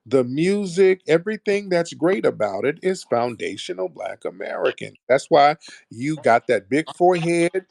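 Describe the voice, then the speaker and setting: A man's voice: a little high, big pitch swings, moderate pace, vocal fry, darkish tone, no echo, clean studio sound. A man hosting a heated call-in debate, mocking and combative, talking over his caller. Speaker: host.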